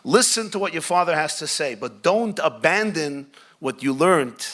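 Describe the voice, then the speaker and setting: Bright-voiced man teaching with joking asides. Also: on the high side, lively intonation, normal speed. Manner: conversational, asks the audience questions, joking asides. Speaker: rabbi teaching Torah. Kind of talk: Torah class talk to a live group.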